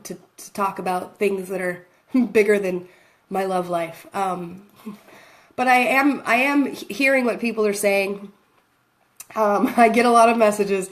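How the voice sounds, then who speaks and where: A woman vlogging to her phone camera, rambling and self-deprecating as she talks casually, often laughing between thoughts. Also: medium pitch.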